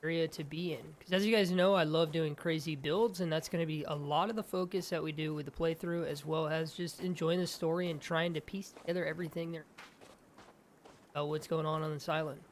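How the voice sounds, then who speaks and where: A young man giving excitable let's-play commentary, chatting to viewers and calling out to his in-game companion. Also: a little high, brisk, slight background noise. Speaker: gaming YouTuber.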